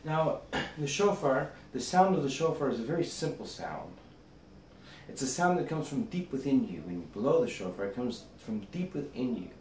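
A male rabbi offers a spoken meditation, unfolding a parable gently like a storyteller, his middle-pitched voice swinging widely at normal speed. He's recorded from a distance, slightly off the mic, with roomy echo and faint background noise.

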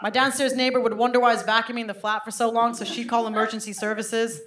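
In her 30s, a woman performs stand-up at a comedy venue before a live audience, her voice slightly high and her pace quick. She tells animated, self-deprecating stories and keeps turning to address the crowd directly. The roomy live recording carries a noisy background.

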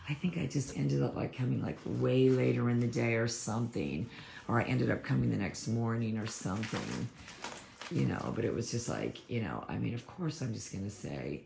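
A woman dog trainer chatting casually on a livestream, rambling and animated, acting out other people's voices as she talks. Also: rumbling low, moderate pace, gravelly. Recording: echoey room with background noise.

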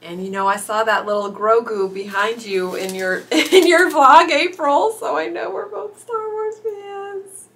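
Gushing high-voiced woman unboxing gifts. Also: a little slow, gravelly, a little hiss or hum. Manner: gushing, excitable, squealing. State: teary-eyed. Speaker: author YouTuber. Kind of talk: unboxing vlog.

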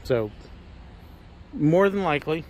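A fairly high-pitched man takes his time, with slight noise behind him, while showing viewers an outdoor Roman amphitheater. The travel vlogger is a little out of breath, filming on a handheld camera without a mic. He's animated and sometimes projects with showman flair.

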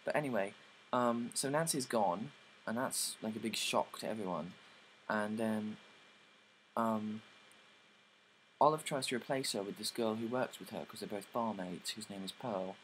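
A man's voice: lowish voice, normal speed, fairly bright tone, slight background noise, poor audio. A young man casually summarizing plays, rambling with lots of likes and ums and casual swearing.

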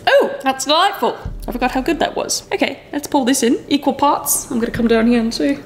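A woman's voice: sits high, fast, a little hiss or hum, poor audio. A woman vlogging casually, chatting and cracking crude jokes, now and then slipping into put-on accents. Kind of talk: casual comedic vlog.

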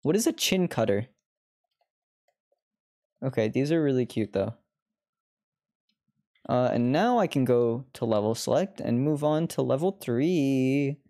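A woman's voice: a bass voice, animated, unhurried, long pauses, warm tone. A woman streamer chatting through live gameplay commentary, laughing often and swearing freely.

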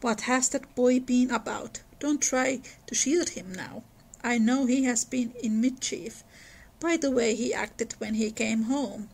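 A woman reading as a gruff, demanding old gentleman. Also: fairly high pitch, a little slow, heavily acted, poor audio. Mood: stern. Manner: reads aloud from a novel.

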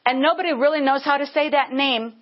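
A woman's voice: high voice, a little fast. A woman teaching a Bible lesson earnestly, breaking into bursts of praise. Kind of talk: teaching sermon. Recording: dull lo-fi sound.

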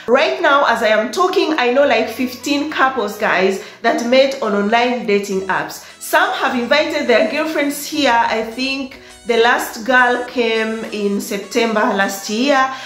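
A woman's voice: a little high, a bit bright, roomy sound. A woman vlogger giving casual dating advice to her viewers, chatty, laughing often and repeating words for emphasis. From Africa. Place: in Italy, in a room with echo.

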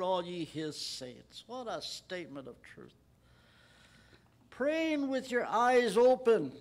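Male pastor, high voice, emphatic Bible-study preacher who lifts his voice on scripture. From Texas. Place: church.

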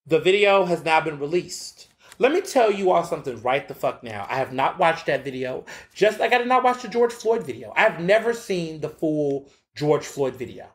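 A man's voice: a little high, big pitch swings, moderate pace. A man hosting his own podcast, speaking bluntly with heavy profanity and emphatic repetition in an opinionated solo monologue. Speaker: podcast host.

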